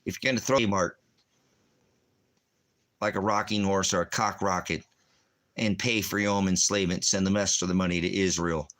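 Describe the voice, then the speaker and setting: A man's voice: deep voice, fairly even intonation, normal speed, pauses often, fairly bright tone. A man, a military veteran, delivering an angry, profane, rambling rant. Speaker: veteran ranting.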